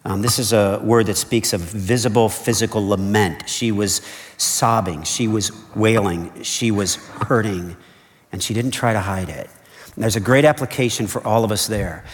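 A man's voice: lowish voice, normal speed. A man preaching a sermon as pastor, earnest and conversational, repeating his key points and checking in with "okay?". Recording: long reverb of a large hall.

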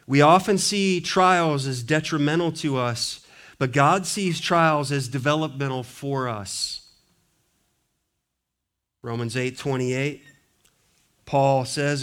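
A male pastor preaching an earnest sermon, swinging between emphatic lines and quiet ones. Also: fairly high pitch, takes it slowly, long pauses, clean tone.

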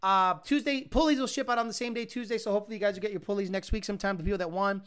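A man hosting a casual livestream chat, rambling and swearing, breaking into loud mimicked sounds. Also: sits high, steady tone, racing, clear, resonant tone. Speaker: livestream host.

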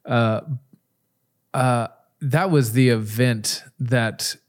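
A middle-aged man hosting an interview, telling his story in a candid, animated way with frequent asides. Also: medium pitch, drawn-out words. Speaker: podcast host. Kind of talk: casual conversational interview.

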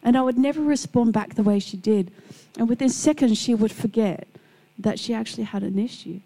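A woman's voice: fairly high pitch, fairly quick, creaky, rough recording. A middle-aged woman giving a Christian devotional talk, telling personal stories and acting out the people in them. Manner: warm storytelling, acts out quoted people. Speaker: Christian speaker.

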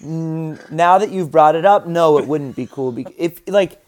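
A man co-hosts a comedy podcast, his voice sitting a little above the usual male range. He talks in a relaxed, chatty way but lands his opinions emphatically, often steering into jokes. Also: a little high, unhurried. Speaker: podcast co-host. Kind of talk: casual comedic chat.

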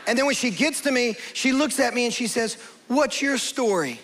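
A man preaching a sermon as a pastor, telling a personal story in an animated way and acting out the voices of people in it. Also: very high voice, quick pace, slight background noise.

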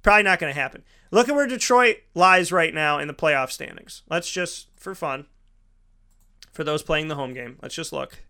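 A man's voice: a little high, normal speed, gravelly, bright, forceful tone, smooth. A man hosting a show, giving opinionated football commentary with emphatic, repetitive ranting. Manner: emphatic, ranting, repeats for effect. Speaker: sports show host.

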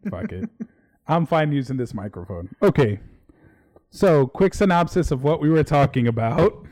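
A man's voice: on the high side, animated, moderate pace, darkish tone. A man hosting a casual livestream chat, rambling and swearing offhandedly. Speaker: podcast host.

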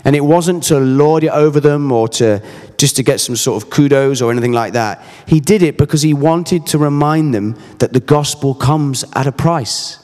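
A man's voice: medium pitch, normal speed, a little mellow, big-room sound. A man in his thirties preaching a sermon, earnest and emphatic, mixing scripture with personal stories. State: briefly emotional.

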